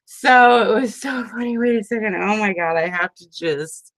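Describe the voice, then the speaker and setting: A woman in her forties chatting casually with her crafting group at home, talking fast and laughing often. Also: mid-range voice, no echo. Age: 40s. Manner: chatty and animated, breaks into frequent laughter. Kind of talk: casual chat.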